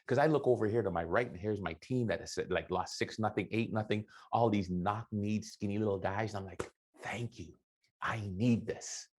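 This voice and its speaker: A middle-aged man giving an animated motivational keynote, telling stories and acting out the dialogue. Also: on the low side, a little fast, hardly any pauses. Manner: animated, acts out dialogue with voices. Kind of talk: motivational storytelling speech.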